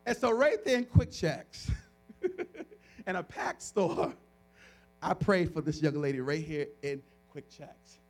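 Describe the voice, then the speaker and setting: A male pastor preaching a sermon, telling a story in an animated, chatty way with frequent restarts and laughter. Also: on the high side, slow pace, soft background music.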